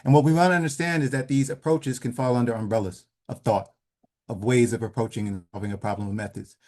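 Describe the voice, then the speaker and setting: A man giving a measured lecture over slides in an online session, trailing off softly at the ends of phrases. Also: mid-range voice, steady tone. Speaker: presenter leading an online session. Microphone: video call.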